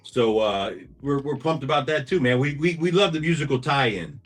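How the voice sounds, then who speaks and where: A man's voice: medium pitch, expressive, moderate pace, faint music behind. A man who is a podcast guest, chatting in a friendly, upbeat way. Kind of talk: casual conversation.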